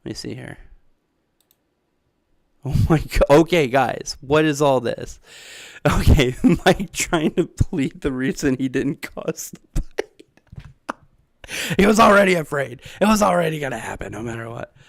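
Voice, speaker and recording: Streamer man, casual and rambling, laughing often, mid-pitched, dry close mic. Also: lively intonation, unhurried, gravelly, long pauses, no echo. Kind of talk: casual live-stream chat.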